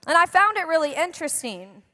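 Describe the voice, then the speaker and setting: A woman's voice: very high-pitched, sing-song, a little fast, pushed and bright. A young woman preaching a sermon in a church, chatty and joking with the congregation. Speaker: pastor. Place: church hall. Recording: long hall reverb.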